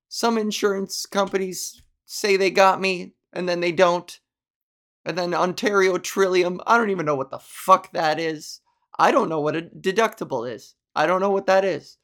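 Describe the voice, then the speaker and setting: A young adult woman hosting a solo podcast, rambling and ranting with plenty of swearing in casual monologue. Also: lowish voice. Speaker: podcast host.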